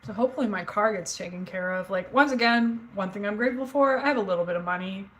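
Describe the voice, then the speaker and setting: A woman's voice: mid-range voice, quick pace, a bit bright, low-quality recording. A woman in her forties hosting a livestream, chatting casually and candidly with viewers, rambling through stories with fillers and the odd swear. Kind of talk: casual chat with live chat. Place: home, indoors.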